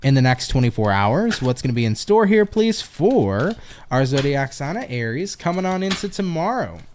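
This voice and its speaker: A man's voice: medium pitch, sing-song, moderate pace, a little mellow, a little hiss or hum. A man giving a daily horoscope tarot reading, affectionate and encouraging, calling his listeners baby and rambling in upbeat phrases. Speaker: tarot reader.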